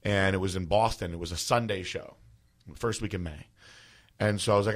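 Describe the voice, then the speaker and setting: A man's voice: lowish voice, fast, fairly bright tone. A man in his thirties telling a personal story in a casual, rambling way, full of fillers. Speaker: podcast host.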